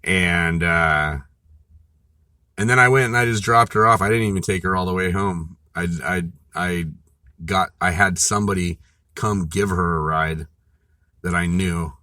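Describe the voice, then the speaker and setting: A man with a deep, low-pitched voice tells a rambling personal story in a loose, profane way, stacking fillers and restarts as he goes. His tone is bright and forceful, and the recording is dry and close, with little room sound. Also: measured pace, no echo. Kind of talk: casual storytelling monologue.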